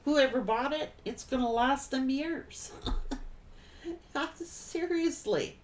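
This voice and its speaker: Middle-aged woman tarot reader, slow and plain-spoken, slightly high voice, faint hiss behind. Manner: blunt, folksy, swears freely, laughs often. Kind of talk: casual tarot reading monologue.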